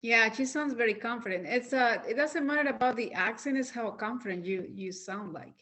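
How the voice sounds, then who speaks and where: A woman with a slightly high voice speaks English learned later in life. She pauses often to search for words while chatting on a video call. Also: bright, forceful tone. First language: not English. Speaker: call participant.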